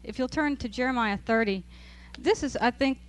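A woman teaching a Bible study to a group in a relaxed, chatty way. She is amused, laughs often, and reads passages aloud to make her points. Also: a little high, normal speed. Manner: conversational, amused, laughs while reading aloud. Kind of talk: church talk to a group.

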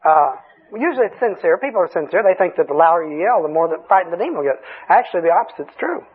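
Man preaching, husky voice, folksy storytelling, thin phone-like radio sound. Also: sits high, lively intonation, quick pace. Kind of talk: sermon. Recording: tinny lo-fi radio broadcast.

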